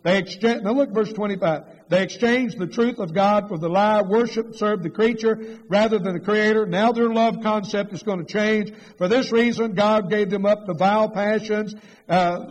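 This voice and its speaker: Middle-aged male preacher with a high voice, emphatic sermon delivery, heavy hall reverb. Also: steady tone, normal speed. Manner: emphatic, rhetorical questions, rising to raised passionate pitch. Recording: long reverb of a large hall.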